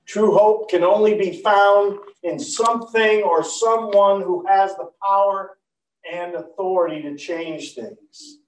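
A man preaching a storytelling sermon, animated, swinging from loud to hushed. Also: sits high, slow. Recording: roomy, far from the mic.

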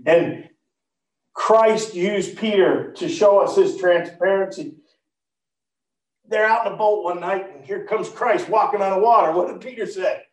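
A man preaching a storytelling sermon, animated, swinging from loud to hushed. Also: sits high, a little slow. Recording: roomy, far from the mic.

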